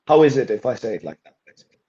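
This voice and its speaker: Male language teacher, patient and methodical, mellow timbre, muffled lo-fi sound. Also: medium pitch, big pitch swings, racing. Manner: patient, explaining step by step. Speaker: Chinese teacher. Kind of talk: language lesson with code-switching. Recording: dull lo-fi recording.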